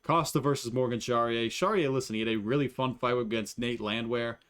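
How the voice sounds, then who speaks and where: A man's voice: mid-range voice, a little fast, a bit bright. A young man giving casual, profane MMA fight predictions, rambling and joking as he stumbles over fighter names.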